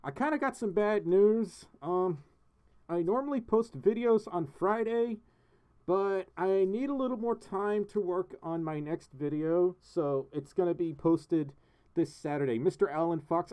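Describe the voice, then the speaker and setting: This man has a high, mellow voice and hosts a casual livestream in a home studio. He's chatty and giggly, laughing often as he thanks donors and reads donations and chat aloud.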